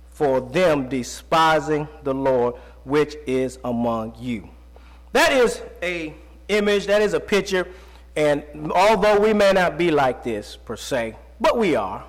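A man preaching a sermon who reads scripture slowly, then talks to the congregation in plain, folksy speech, his voice jumping up and dropping low. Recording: long reverb of a large hall.

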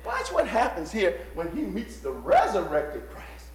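A man preaching a sermon, swinging from hushed, whispered asides to shouted, sung lines. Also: high voice, huge pitch swings, measured pace, reverberant, a crowd in the background.

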